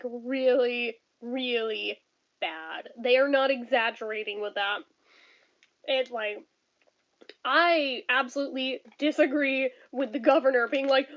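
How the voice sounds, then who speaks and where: A woman in her thirties chatting casually on a home stream, blunt and profane, laughing often and ranting. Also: sits high. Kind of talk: casual chat reading viewer comments. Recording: dull lo-fi stream audio.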